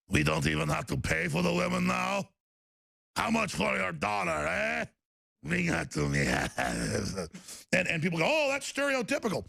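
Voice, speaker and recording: A man's voice: a little high, gravelly, fairly bright tone, breathy edge, no echo, studio quality. A man hosting a political talk show, ranting angrily and repeating himself. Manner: angry, ranting, repetitive.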